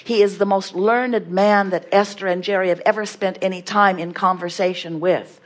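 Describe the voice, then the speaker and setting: A woman's voice: medium pitch, fairly even intonation, moderate pace. A woman giving an inspirational talk to an audience, emphatic and repetitive, asking rhetorical questions and speaking of herself as "we".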